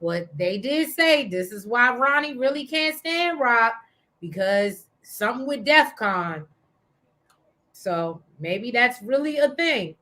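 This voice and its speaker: A woman's voice: fairly high pitch, animated, slow, bright, forceful tone. A woman co-hosting a casual TV recap show, reading viewer comments aloud and laughing as she talks.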